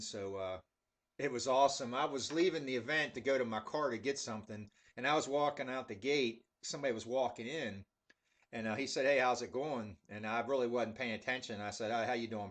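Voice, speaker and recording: A man telling casual stories with many fillers, then reviewing a pipe tobacco in a relaxed, rambling way. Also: medium pitch. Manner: laid-back rambling with fillers.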